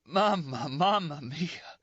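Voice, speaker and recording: A man's voice: a little high, lively intonation, slow, a bit bright, slightly rough, no room sound, pitched above the performer's own voice, exaggerated voice. A man voicing a badly wounded young Italian soldier who screams prayers in agony, in a muffled dry recording. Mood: agonized.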